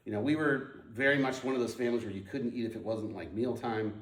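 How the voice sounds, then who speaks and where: A man's voice: mid-range voice, fast, roomy sound, distant mic. A man sharing his personal testimony, storytelling with lots of ums and restarts. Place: moved to Portland in the nineties.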